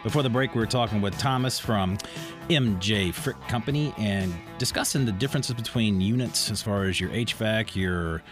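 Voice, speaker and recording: A man's voice: fairly low pitch, moderate pace, soft background music. A man co-hosting a radio talk show, joking and reading upbeat station announcements. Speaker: radio co-host.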